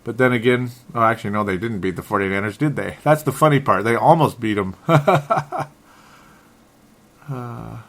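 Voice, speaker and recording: A man's voice: mid-range voice, normal speed. A man hosting a solo sports talk show, frustrated and rambling, often correcting himself and chuckling. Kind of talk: solo sports podcast commentary.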